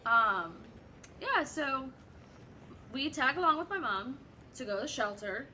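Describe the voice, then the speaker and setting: Bright-voiced chatty woman storyteller. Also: high-pitched, measured pace, a little hiss or hum. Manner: chatty, animated, self-described drama kid. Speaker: gaming streamer. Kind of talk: casual storytelling while gaming.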